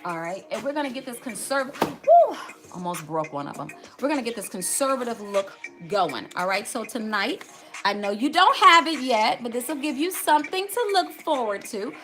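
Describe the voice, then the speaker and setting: A woman's voice: fairly high pitch, expressive, normal speed, bright, forceful tone, soft background music. A middle-aged woman hosting a casual live makeup tutorial, chatty, greeting viewers by name and calling out to "y'all". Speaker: makeup livestream host.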